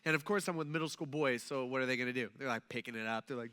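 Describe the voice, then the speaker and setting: A man's voice: mid-range voice, rapid-fire, few pauses, sharp tone, clear, resonant tone. A man in his thirties preaching in a church, telling a story casually with lots of fillers and asides. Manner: chatty, full of fillers and asides. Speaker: pastor. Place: church sanctuary.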